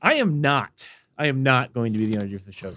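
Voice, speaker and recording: A man of medium pitch talks fast, with no room sound, while co-hosting a relaxed podcast. Animated and jokey, he banters with his partner between sniffles and sneezes.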